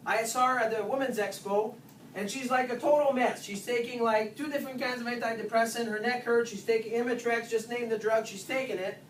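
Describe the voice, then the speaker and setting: A chiropractor giving an informal nutrition workshop to patients, lively and full of "guess what?" asides. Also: mid-range voice, a little fast. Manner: animated, keeps asking "guess what?". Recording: roomy, distant, faint hiss.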